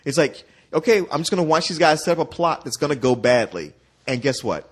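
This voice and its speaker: A man's voice: on the high side, expressive, a little fast, slightly rough. A man reviewing a movie in casual chat, rambling with many filler phrases.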